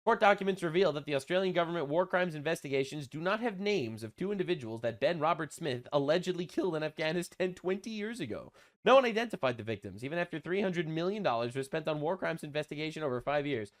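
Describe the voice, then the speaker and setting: A man's voice: on the high side, expressive, fast. A young adult man giving casual online commentary, crude and mocking, rambling with lots of fillers. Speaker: commentary channel host.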